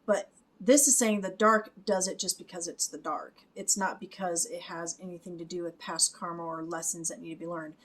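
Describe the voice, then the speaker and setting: A woman's voice: fairly low pitch, fairly even intonation, moderate pace, slight background noise. A woman, a spiritual reader, talking through a music video and explaining it, often checking in with "okay?" and laughing lightly. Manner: explains softly, adds "okay?" and small laughs. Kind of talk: reaction commentary.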